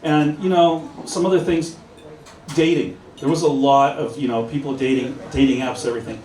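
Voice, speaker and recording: A man's voice: medium pitch, fairly even intonation, moderate pace, darkish tone. A man who used to work in law enforcement, telling humorous anecdotes to an audience and acting out the dialogue. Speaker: former police officer sharing stories. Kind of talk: live storytelling talk to an audience. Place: indoors at a busy pub event. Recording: echoey pub from far off with crowd.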